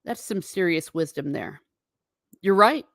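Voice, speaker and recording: Woman, livestream host, casual rambling chat, lowish voice, dry close sound. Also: lively intonation, a bit bright, no room sound. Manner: chatty, wandering, quick asides to herself.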